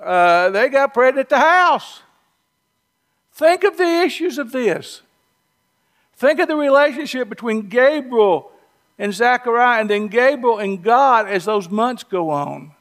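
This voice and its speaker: A man's voice: very high voice, animated, a little slow, fairly bright tone. A man with a Southern US accent preaching a sermon in a folksy, conversational storytelling way with humorous asides. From Southern US, North Georgia or North Alabama.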